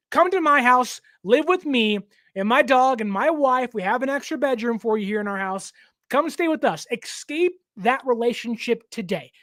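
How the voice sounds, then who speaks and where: A young man hosting a casual sports talk show, given to animated joking rants. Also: extremely high pitch, dry recording, clean studio sound. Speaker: show host.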